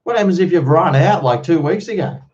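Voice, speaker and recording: A man's voice: fairly high pitch, fairly quick, darkish tone, highs cut off. An Australian man live-streaming, chatting casually with viewers and answering their comments in a blunt, freely swearing way.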